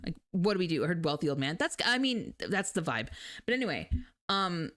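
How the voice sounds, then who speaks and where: Lively young woman streamer. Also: lowish voice, brisk. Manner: animated storyteller, laughs often. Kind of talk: casual chat with live chat.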